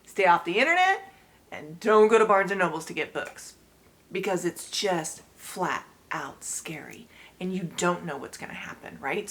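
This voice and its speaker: A woman's voice: fairly low pitch, a bit bright, slight background noise. A woman in her forties hosting her own channel, telling her story to camera in a chatty way, often laughing and speaking straight to her viewers.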